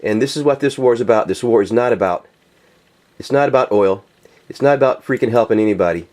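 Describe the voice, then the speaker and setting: A man's voice: mid-range voice, a little fast, a little mellow. A man ranting in a casual, profane monologue, full of fillers and restarts, addressing viewers directly. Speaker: political video commentator.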